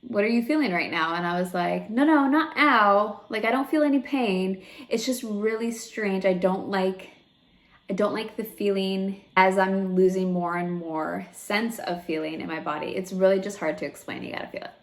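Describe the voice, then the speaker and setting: A woman's voice: medium pitch, steady tone, moderate pace. A young woman vlogging about her own experience in a chatty, candid way, full of fillers and close to tears at moments. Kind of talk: personal vlog storytelling.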